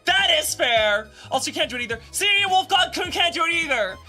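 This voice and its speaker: A woman streaming live and chatting casually with her viewers, excitable and often shouting in playful exasperation. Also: sits high, brisk, soft background music.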